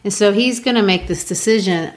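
A woman, a literature teacher, explaining a play in an animated way. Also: mid-range voice, a little fast. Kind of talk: discussing a play.

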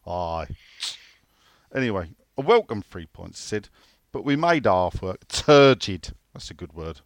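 A man's voice: fairly low pitch, big pitch swings, measured pace, no echo. A man co-hosting a casual football podcast, rambling through stories, swearing freely and reading out listener questions. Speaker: podcast co-host.

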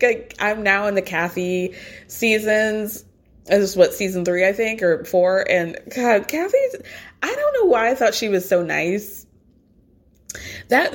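A chatty woman telling a friend-style recap of reality TV drama. She talks casually and with gossipy energy, laughs between stories and drops the odd curse word. Her voice sits at an ordinary middle pitch. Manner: gossipy, animated, laughs often, swears casually.

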